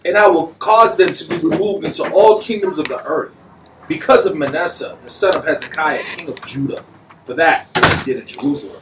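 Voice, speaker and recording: A man reading scripture aloud in a steady, measured way during a group study. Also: on the high side, far from the mic. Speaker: scripture reader. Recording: echoey room, speaker off-mic, faint noise.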